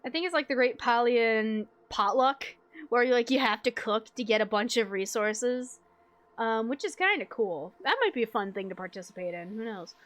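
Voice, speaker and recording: A young woman streamer chatting casually with her viewers, rambling, swearing freely and filling pauses with likes and ums. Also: a little high, a bit bright. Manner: rambling, swears casually, frequent fillers and laughs.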